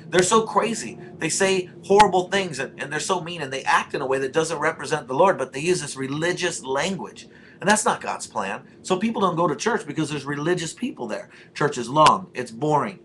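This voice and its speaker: A man's voice: a little high, pushed and bright, slight background noise. A male pastor giving an informal, blunt talk about church, telling stories in a conversational way. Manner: blunt and plainspoken, with a conversational storytelling tone.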